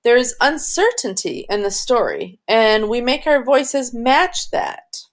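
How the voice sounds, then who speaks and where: A woman teacher giving a recorded reading lesson, speaking in a clear, deliberate classroom manner and addressing her students directly. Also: fairly high pitch, sing-song.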